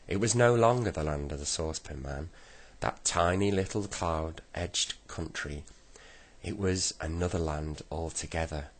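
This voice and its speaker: A man reading a children's storybook aloud slowly and gently. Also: very deep voice. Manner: slow, gentle storybook reading with voiced characters. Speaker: reader.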